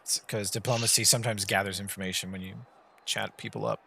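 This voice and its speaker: A man's voice: lowish voice, fairly even intonation, fast talker, gravelly, sharp tone, a little hiss or hum. A man acting as game master, casually narrating scenes and rulings to players in an online tabletop game. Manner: casual, descriptive scene-setting with fillers.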